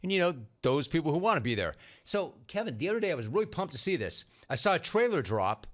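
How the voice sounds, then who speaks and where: A man's voice: a little high, sing-song, quick pace, a bit bright. A middle-aged man hosting a casual podcast interview, emphatic and repeating his points. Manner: emphatic, repeats himself, calls guest dude. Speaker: podcast host.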